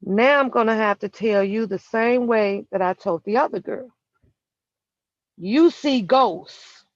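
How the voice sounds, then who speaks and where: A vlogger sits in a vehicle and delivers a heated, profane rant straight at someone. Key words get drawn out slowly for emphasis. The recording is dull and lo-fi, with a dry, close sound. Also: mid-range voice, no echo. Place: inside a vehicle.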